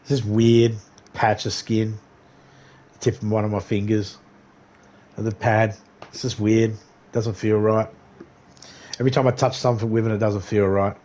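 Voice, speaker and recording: A man's voice: lowish voice, level tone, normal speed, pauses often, darkish tone. A man on a game livestream casually telling a rambling, profane story and laughing often. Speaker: livestream gamer.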